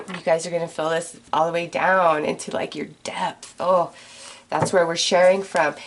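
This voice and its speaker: A woman's voice: medium pitch, a little hiss or hum. A woman giving a tarot reading, talking in an earnest, gushing, chatty way with many fillers, tearful and choked up. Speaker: tarot reader. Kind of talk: emotional tarot reading monologue.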